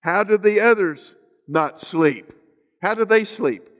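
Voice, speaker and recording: A man's voice: high voice, takes it slowly, a bit bright. A man preaching a sermon as pastor, stretching out scripture phrases for emphasis and slipping in joking asides to the congregation. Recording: long hall reverb.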